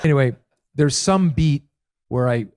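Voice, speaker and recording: A man recounting showbiz anecdotes in a casual talk. His pitch sits in the middle, and he slips into the voices of the people he quotes, keeping the telling lively. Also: measured pace, no room sound, studio quality, some chatter behind. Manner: animated storyteller who acts out quotes. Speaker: guest comedian.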